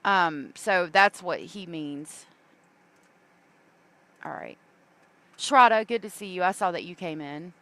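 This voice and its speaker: A woman's voice: on the low side, animated, slow pace, long pauses, bright, forceful tone, no echo. Chatty woman hosting a livestream. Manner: chatty, reads viewer comments aloud, many fillers. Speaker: true crime livestream host. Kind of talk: casual livestream commentary.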